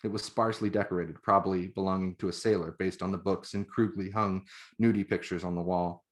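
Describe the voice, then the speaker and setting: A man, the author, reading his own novel aloud in measured, even narration. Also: low voice.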